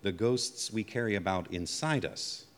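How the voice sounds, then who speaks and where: An actor playing a measured, probing psychiatrist who calmly accuses a patient in a 1940s-style radio drama. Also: male voice, on the low side. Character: probing, calm psychiatrist doctor. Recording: old radio drama, reverberant.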